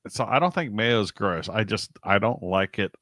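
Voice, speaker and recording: A man co-hosting a casual podcast chat, speaking haltingly with many restarts. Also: fairly low pitch, lively intonation, a bit bright, no room sound, clean studio sound.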